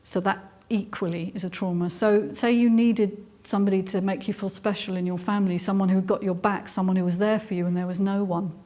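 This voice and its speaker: A woman's voice: medium pitch, steady tone, a little fast, hardly any pauses, warm tone. Earnest English woman giving a live talk. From England. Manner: earnest and explanatory, with frequent ums and restarts. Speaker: speaker giving a talk on trauma. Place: hall with a live audience.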